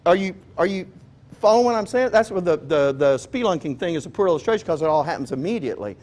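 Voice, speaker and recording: A man's voice: a little high, lively intonation, fast talker, darkish tone. A man preaching a sermon in a conversational, joking way, often asking his listeners questions. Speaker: pastor.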